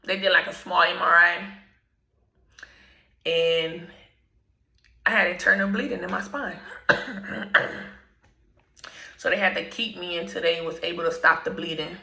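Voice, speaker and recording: A woman telling a personal story in slangy, laid-back storytime talk, often clearing her throat. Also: lowish voice, steady tone, a little slow, long pauses, bright, forceful tone, reverberant, low-quality recording. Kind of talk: casual storytime.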